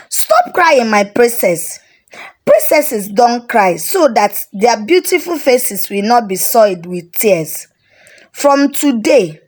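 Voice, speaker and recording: A loving middle-aged father, gentle and reassuring, as a woman storyteller plays him. He speaks slowly in a fairly high voice. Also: heavily acted.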